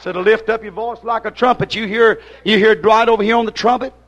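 A man preaching a fiery sermon to his congregation in folksy dialect grammar, hollering at them and then dropping to a hushed plea. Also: high-pitched, fairly even intonation, brisk, highs cut off.

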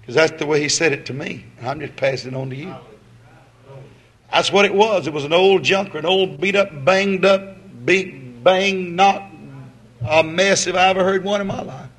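A man preaching a sermon, folksy and swinging between loud exhortation and quiet asides. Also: on the high side.

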